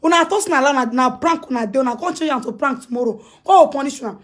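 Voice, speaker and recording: A woman with a Nigerian Pidgin English accent, ranting and scolding on a phone live stream, repeating herself emphatically and breaking into shouts. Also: high voice, very fast, noisy background. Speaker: social media personality.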